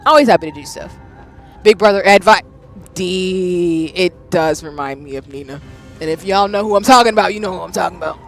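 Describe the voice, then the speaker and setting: A woman in her thirties streaming a game live, reacting with loud exclamations and chatting with her viewers. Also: fairly low pitch, brisk, soft background music. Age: 30s.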